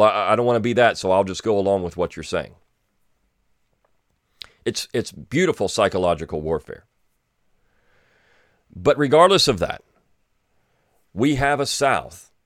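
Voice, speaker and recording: Low-voiced man in dry studio sound. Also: no echo. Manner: reflective, with frequent restarts and asides. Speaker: podcast host. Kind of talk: reading a passage aloud, then commenting.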